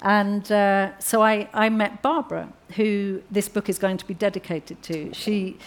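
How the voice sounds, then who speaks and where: A woman's voice: mid-range voice, a little slow. Woman telling a story with a laugh. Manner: lively, laughing anecdotal telling. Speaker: author guest. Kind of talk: storytelling in a conversation.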